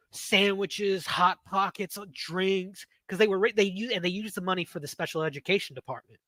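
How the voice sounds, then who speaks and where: A man's voice: high voice, bright, forceful tone, no echo. A man, hosting a podcast and telling rambling stories in casual chat. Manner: rambling, self-interrupting storyteller. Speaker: podcast host.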